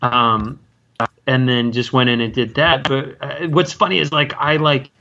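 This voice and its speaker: Bright-voiced rambling actor guest. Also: male voice, mid-range voice, steady tone, dull audio. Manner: rambling, halting, many self-interruptions and restarts. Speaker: guest, stage and screen actor. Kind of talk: casual interview chat.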